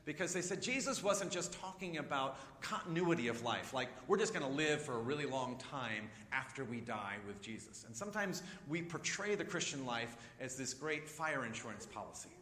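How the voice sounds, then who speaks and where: A man's voice: medium pitch, expressive, moderate pace, few pauses, bright, forceful tone, slight background noise. A man preaching a conversational sermon as a pastor, acting out the voices in the stories he tells. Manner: conversational, acts out quoted voices. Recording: echoey hall with long reverb.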